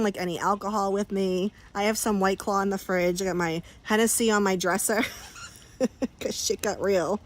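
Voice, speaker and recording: A woman chatting casually on a livestream from her backyard pool, laughing often and talking to her dogs. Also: medium pitch.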